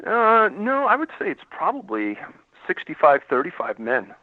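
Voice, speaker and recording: A man's voice: sits high, huge pitch swings, normal speed, no room sound. A man, a former law enforcement investigator, telling a story as a radio interview guest and acting out the dialogue. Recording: dry, tinny phone line.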